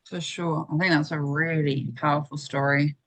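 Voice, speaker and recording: A woman's voice: low voice, flat delivery, moderate pace, a bit bright. A woman co-hosting a podcast in casual chat, upbeat and agreeable, laughing easily. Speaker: podcast co-host.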